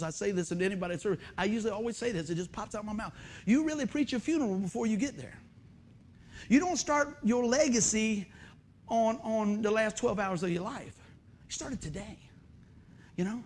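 A man preaching a sermon, telling stories in a folksy, animated way and acting out the dialogue. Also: high-pitched. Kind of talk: sermon with storytelling.

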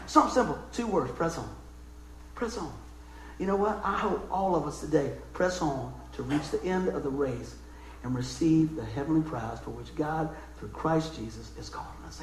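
A man's voice: fairly high pitch, a little mellow, a little hiss or hum. A middle-aged man preaching a sermon, telling a personal story in a folksy, emotional way with casual asides. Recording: echoey room.

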